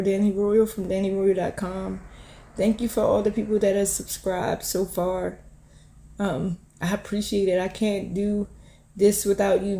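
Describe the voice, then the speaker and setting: Earnest woman, flat mellow voice, echoey room. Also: mid-range voice, creaky. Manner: earnest, repeats herself with many "you know"s. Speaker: channel host giving a prophetic word. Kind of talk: heartfelt encouraging talk to camera.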